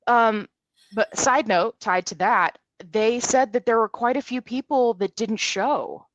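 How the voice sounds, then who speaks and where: A woman in her forties, a podcast guest, telling a story in a lively way and acting out what people said. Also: on the high side, unhurried, lo-fi sound, a little hiss or hum. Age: 40s. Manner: animated storyteller, acts out quotes. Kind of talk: casual storytelling in a podcast interview.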